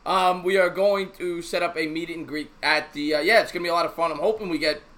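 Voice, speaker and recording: A man's voice: fairly high pitch, steady tone, fast talker, fairly bright tone. A man co-hosting a casual live sports talk stream, telling a rambling joke and reading out viewer messages. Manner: rambling, repeats himself, tells jokes.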